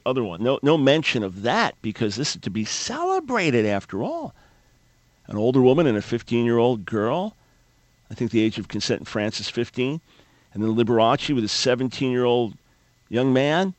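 A man's voice: medium pitch, dry recording. A man hosting a talk radio show, delivering an opinionated monologue with sarcasm and frequent stammered restarts.

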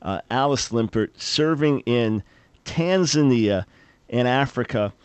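A man's voice: mid-range voice, lively intonation, slow pace, smooth, dry recording. An older man hosting a radio talk show, speaking emphatically and animatedly, often repeating words as he starts a thought. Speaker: radio host. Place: radio studio.

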